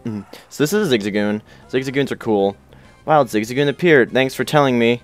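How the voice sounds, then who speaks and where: A man's voice: medium pitch, fairly quick, soft background music. A young man hosting a casual let's play, chatting loosely, swearing and reading game text aloud in silly voices. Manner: goofy, swears, shouts character names.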